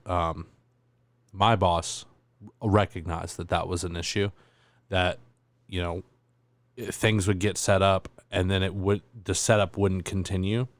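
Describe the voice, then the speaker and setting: A man's voice: low voice, no echo. A man hosting a casual podcast, talking in a rambling, hesitant way full of fillers. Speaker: podcast host. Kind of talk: casual chat.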